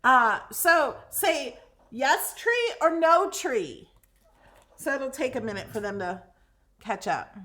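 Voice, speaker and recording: A woman hosts a live crafting stream, friendly and quick to laugh. Her voice sits high and moves lively. The room adds an echo. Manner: friendly, laughs easily while working. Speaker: host crafter.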